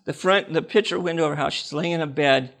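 A man's voice: fairly high pitch, fast talker, creaky, fairly bright tone. An older man preaching a personal testimony, telling stories with laughter and acting out the dialogue.

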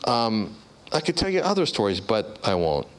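Man preaching, low voice that swings way up and down, tells stories and does everybody's voices. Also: moderate pace. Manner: animated storyteller, acts out voices with big pitch jumps. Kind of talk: storytelling sermon.

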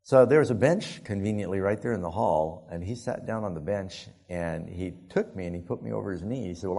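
A male preacher telling a story in a sermon, animated and often laughing as he talks. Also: lowish voice, vocal fry, husky.

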